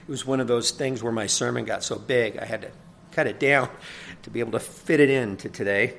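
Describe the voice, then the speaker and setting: A pastor delivering a sermon in a conversational teaching manner. He often asks "right?", rises loud for emphasis and then drops soft. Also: medium pitch, moderate pace, gravelly, a little hiss or hum.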